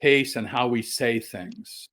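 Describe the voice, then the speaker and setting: A middle-aged man presenting a webinar over a video call, folksy and halting, with many fillers and restarts. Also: mid-range voice, a bit bright. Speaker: guest sales trainer.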